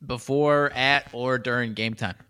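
Man, sports betting podcast sidekick, mid-pitched, laid-back, dry close mic. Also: fairly even intonation, a little slow, bright, forceful tone, clean tone, no echo. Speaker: podcast co-host. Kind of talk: casual sports betting chat.

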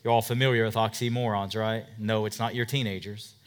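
A man pastor preaching a sermon, emphatic, swinging from loud declarations to hushed asides and asking rhetorical questions. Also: on the low side, level tone, fairly quick, a little hiss or hum. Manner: asks the congregation rhetorical questions.

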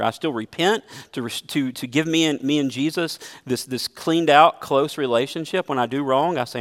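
A man's voice: medium pitch, moderate pace, hardly any pauses, in a large hall. A man preaching a sermon as a pastor, earnest and emphatic, mixing scripture with a personal story.

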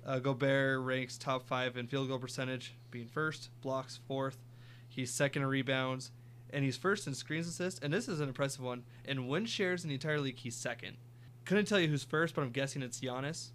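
A man's voice: medium pitch, moderate pace, fairly bright tone, a little hiss or hum. A young man co-hosting a sports podcast, casually reeling off stats and teasing. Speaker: podcast co-host.

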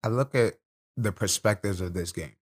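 A man's voice: on the low side, moderate pace. Profane young man telling fight stories. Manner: streetwise, profane, animated storytelling. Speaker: professional fighter. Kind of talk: casual podcast chat.

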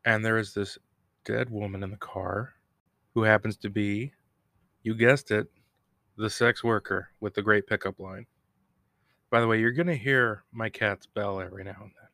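A man with a fairly low, bright, forceful voice keeps a steady tone at normal speed, with long pauses, while recapping a TV episode solo for his podcast. He rambles and jokes at his own expense, laughing at himself. The audio is echo-free and studio quality, recorded in a home room near a cat bell.

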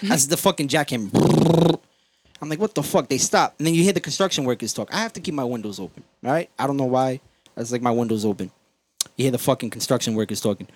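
A man's voice: mid-range voice, fast, slight background noise. Profane man hosting a podcast. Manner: profane, storytelling, energetic. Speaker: podcast host. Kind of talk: casual podcast chat.

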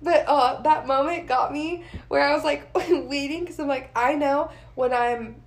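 Woman, very high voice, podcast co-host, emotional, casual chat. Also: measured pace. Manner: emotional, laughs often, swears.

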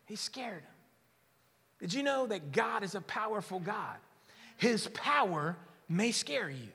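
Male pastor, bright husky voice, lively joking sermon delivery, long church reverb. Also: sits high, measured pace. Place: church hall.

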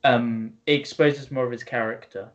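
A man's voice: mid-range voice, steady tone, moderate pace. A man co-hosting a podcast in casual chat, explaining his views earnestly and patiently. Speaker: podcast co-host. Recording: dull lo-fi sound.

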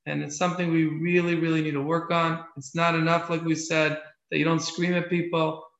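A man's voice: on the high side, little pitch movement, a little fast, fairly bright tone. A man teaching an evening Torah class, earnest and often repeating his phrases for emphasis. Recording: echoey room, dull lo-fi sound.

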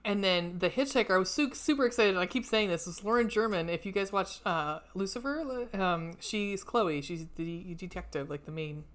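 A woman's voice: mid-range voice, normal speed, hardly any pauses, fairly bright tone. A young woman co-hosting a casual podcast chat about a horror film, rambling with many fillers and casual swearing. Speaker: podcast co-host.

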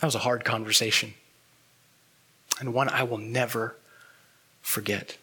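A man preaching a sermon as pastor, earnest and reflective, pausing often and letting words trail off softly. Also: medium pitch, fairly even intonation, husky.

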